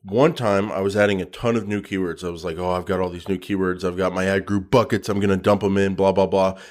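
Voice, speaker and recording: A man's voice: low-pitched, fairly even intonation, fast, darkish tone. A man co-hosting a podcast, chatting casually with a joking, teasing manner. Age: adult with a young son. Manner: joking, teasing, playful banter. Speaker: podcast co-host.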